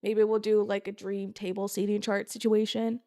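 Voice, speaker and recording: A woman's voice: medium pitch, level tone, normal speed, dark tone. A young adult woman co-hosting a podcast in casual, playful banter. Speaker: podcast co-host. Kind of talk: casual chat.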